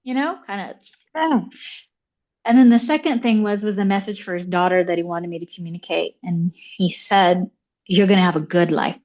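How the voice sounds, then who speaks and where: A woman guest telling a personal story in conversation, animated and full of fillers like "like" and "you know". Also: medium pitch, normal speed, muffled recording. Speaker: podcast guest.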